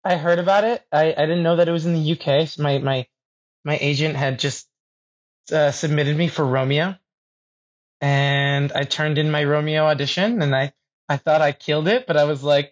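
A man's voice: fairly high pitch, steady tone, normal speed. A young man, a stage actor, chatting as an interview guest in a self-deprecating way with frequent laughs and restarts. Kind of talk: casual interview chat. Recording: dull lo-fi sound.

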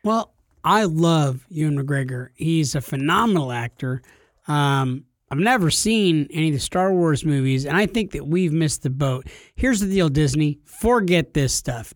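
A man's voice: fairly high pitch, lively intonation, normal speed, no echo, studio quality. A young man co-hosting a podcast, playful and teasing in casual chat. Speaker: podcast co-host.

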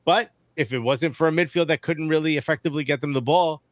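A man co-hosting a casual sports podcast, animated and joking, using slang, on a studio mic. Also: a little high, fast talker, dry recording. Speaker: podcast co-host.

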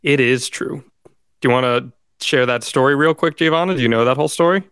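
Dude hosting a podcast quiz, peppy countdowns, dry close mic, middle pitch. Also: male voice, brisk, fairly bright tone, smooth, no room sound. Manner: upbeat, playful game-show patter. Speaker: podcast co-host and quiz master. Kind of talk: casual podcast chat, running a true-or-false game.

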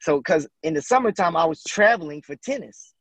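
A man's voice: fairly high pitch, fairly quick, noisy background. A man, telling stories as a podcast guest, acting out quotes and laughing often. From Houston, Texas. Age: late 30s. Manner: animated storyteller, acts out quotes, laughs often. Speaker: guest, former basketball player. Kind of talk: casual storytelling interview.

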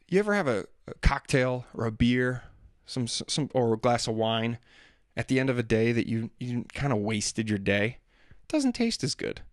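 A man's voice: mid-range voice, dry recording, studio quality. A man in his thirties hosting a casual solo chat, rambling with laughs, restarts and self-mocking asides. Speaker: podcast host and musician.

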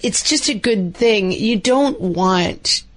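A woman's voice: mid-range voice, animated, slow pace. A woman co-hosting a parenting podcast, talking in a loose, rambling way. She fills her speech with "like" and "you know" and acts out quoted remarks as she goes. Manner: chatty, rambling, many fillers. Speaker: podcast co-host. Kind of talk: casual parenting podcast chat.

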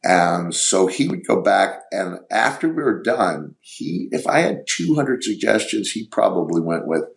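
Low gravelly man telling stories. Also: big pitch swings. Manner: rambling, halting, searches for words. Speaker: podcast guest. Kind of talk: casual storytelling.

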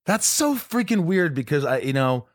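A man's voice: on the high side, very animated, moderate pace. A man hosting a casual podcast, sharing rambling, chatty stories with his guest. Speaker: podcast host.

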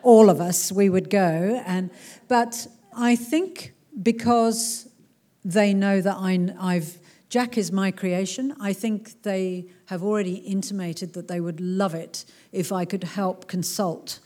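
A woman's voice: mid-range voice, fairly even intonation, takes it slowly, mellow. A woman author, chatting animatedly and joking while answering audience questions at a live talk in a cultural centre. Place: cultural centre hall before a crowd.

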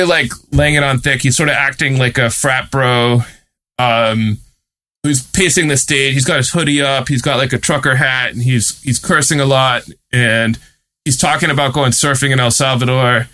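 A man's voice: medium pitch, bright, forceful tone. A male reporter telling a story in a casual, chatty way, with many fillers and amused laughs. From United States. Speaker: guest reporter and author.

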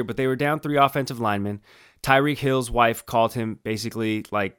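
A man's voice: medium pitch, steady tone, fairly quick, clean tone. A man co-hosting a sports talk show, joking in laid-back banter. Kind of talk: casual sports chat.

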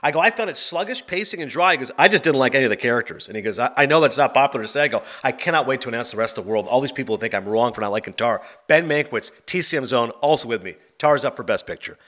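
A man hosting a movie podcast, chatting casually and telling quick anecdotes. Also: mid-range voice, fairly bright tone. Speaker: podcast host.

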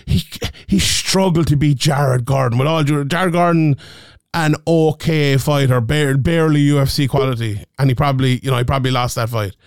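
Man, smooth resonant voice, casual swearing, animated, dry close sound. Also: medium pitch, moderate pace, dry recording. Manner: animated, laughs often, swears, restarts a lot. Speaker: podcast host. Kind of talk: casual MMA podcast chat.

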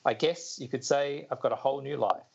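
A man reading a calm, gracious grown man's lines from a comic in his own voice. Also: medium pitch, brisk, creaky, husky. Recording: dull lo-fi recording.

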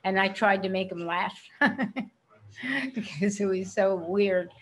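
An older actress in a casual interview, a chatty storyteller who laughs often. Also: female voice, medium pitch, flat delivery, measured pace, poor audio. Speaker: actress guest.

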